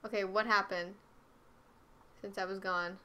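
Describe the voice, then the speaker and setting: A woman's voice: mid-range voice, level tone, a little slow, sharp tone, a little hiss or hum. A woman streaming herself playing a video game, talking to viewers and swearing constantly in exasperated outbursts. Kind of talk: live gameplay commentary. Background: game music.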